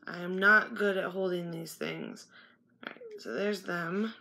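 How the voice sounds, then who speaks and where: A young woman unboxes small collectible toys indoors at a relative's house. Her voice is bright and forceful, and she talks at a slow, easy pace. She keeps up a casual running chat and mutters to herself as she hunts through the pieces. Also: fairly low pitch, creaky. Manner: chatty, muttering to herself while handling toys. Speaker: toy unboxing vlogger.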